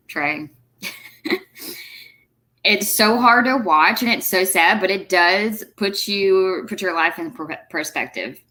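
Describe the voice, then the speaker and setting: A woman's voice: fairly low pitch, sharp tone. A woman host, emphatically and indignantly commenting on a clip. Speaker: reaction video host.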